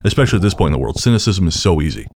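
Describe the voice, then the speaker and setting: Fast-talking deep-voiced male interviewer. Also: big pitch swings, a little mellow, slight background noise. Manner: earnest, hesitant restarts. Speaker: podcast host interviewing. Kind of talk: casual interview chat.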